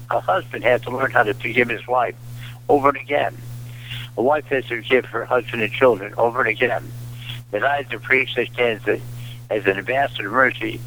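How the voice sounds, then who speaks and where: A man's voice: medium pitch, pushed and bright, a little hiss or hum, rough recording. A man, a priest, preaching and praying on a radio show in a fervent, repeating cadence. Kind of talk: radio sermon and prayer.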